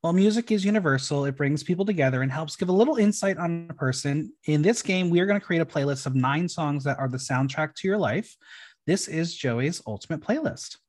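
A podcast host man, slightly higher-pitched than most men, runs his guest through quick game prompts. He sounds upbeat and playful as he reads each one out. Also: animated.

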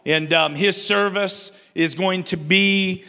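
Older male pastor, high and bright, call-and-response sermon style with lots of repeats, long reverb of a church hall. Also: fairly even intonation, slow, gravelly. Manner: call-and-response preaching, repeats and restarts phrases. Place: church sanctuary.

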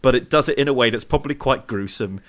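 A man's voice: mid-range voice, fast, fairly bright tone. A man co-hosting a casual film podcast, talking with eager enthusiasm and frequent restarts. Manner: enthusiastic, gushing, stumbles and restarts. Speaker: podcast co-host.

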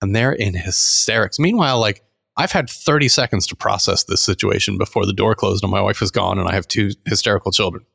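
Middle-aged male podcast co-host, low gravelly voice, lively storyteller who acts out quotes. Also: a little fast. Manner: animated anecdote teller, acts out quotes. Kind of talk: casual storytelling chat.

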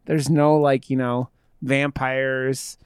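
A man's voice: medium pitch, little pitch movement, takes it slowly, clean tone, no room sound, studio quality. A man co-hosting a podcast, talking about a film in a rambling, jokey way, with plenty of swearing and filler words. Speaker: podcast co-host. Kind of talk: casual film discussion.

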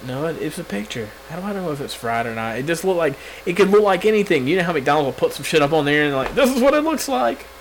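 A man's voice: fairly high pitch, sing-song, fast talker, few pauses, rough recording. A young man co-hosting a casual podcast, brash and heavily profane, with mock-boastful banter. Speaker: podcast co-host. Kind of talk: casual chat.

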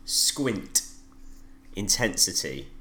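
A male co-host with a fairly low voice. He chats casually on a podcast and keeps a dry, playful tone. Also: sing-song, very slow, bright, forceful tone.

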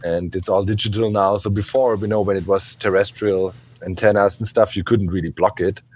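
A man with a low, husky voice talks casually on a podcast, rambling through his opinions with a tone of mild exasperation. He leans on fillers as he goes. He is from Germany. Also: fairly even intonation, brisk, darkish tone. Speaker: podcast panelist. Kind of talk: casual chat.

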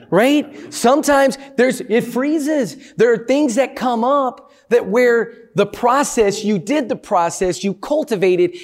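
A man giving a motivational talk to a live audience, energetic and playful, often asking the crowd questions. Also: high-pitched. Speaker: motivational speaker.

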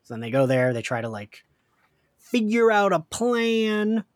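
A man with a touch of a Philadelphia accent chats on a podcast, animated, quick to laugh and to swear. His voice sits a little high for a man. The sound is close and dry, with no room to it. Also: dry recording. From Philadelphia area, US. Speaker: podcast co-host. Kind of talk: casual chat, recapping a show.

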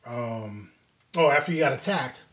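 A man in the host's chair tells stories with loose, profane energy, laughing as he goes. His voice sits at an ordinary middle pitch. The room gives the sound a noticeable echo. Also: normal speed. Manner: animated storyteller, profane and laughing. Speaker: podcast host. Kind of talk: casual chat. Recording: roomy echo.

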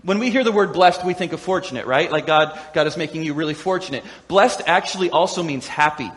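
A man preaching a sermon as a pastor, animated and playful, acting out quoted voices with humor. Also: a little high, fairly quick, in a large hall.

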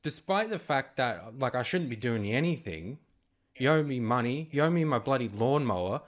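An actor playing a grumpy Australian landscaper on a phone call, sulky, defensive and swearing freely. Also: male voice, medium pitch, expressive, normal speed, lightly acted. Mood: grumbling. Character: grumpy male landscaper mate, blunt and sweary. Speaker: phone guest.

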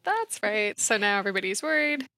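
A woman's voice: mid-range voice, big pitch swings, creaky, pushed and bright, no echo, studio quality. A woman co-hosting a podcast in casual chat, often laughing and chiming in agreement. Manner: laughs a lot, quick agreeing reactions. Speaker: podcast co-host.

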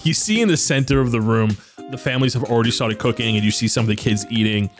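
A man narrating as game master of a tabletop role-playing game, quick to laugh with his players. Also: medium pitch, faint music behind.

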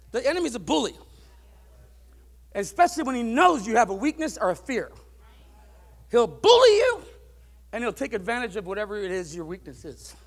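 A man preaching a sermon to his church, moving from soft, musing talk to loud, driving peaks. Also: very high voice. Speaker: pastor.

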